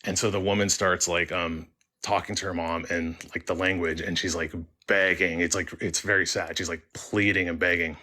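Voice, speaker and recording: Low-voiced man telling a story, halting. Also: little pitch movement, bright, forceful tone. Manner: halting, full of likes and ums, restarts often. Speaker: caller sharing a story. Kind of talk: casual first-person storytelling.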